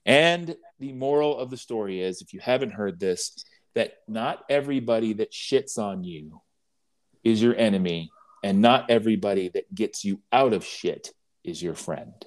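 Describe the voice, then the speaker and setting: A man co-hosting a podcast, talking in a halting way with many restarts and telling a humorous parable with dry wit. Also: lowish voice, expressive. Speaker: podcast co-host. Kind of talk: casual conversation and storytelling.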